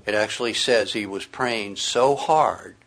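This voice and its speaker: A man's voice: lowish voice, unhurried, vocal fry, a bit bright. A middle-aged man preaching a sermon, reading scripture aloud and speaking with earnest emphasis.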